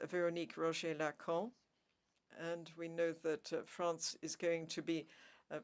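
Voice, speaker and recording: Halting, polite conference panel moderator. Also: mid-range voice. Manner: polite, halting, with many "uh" pauses.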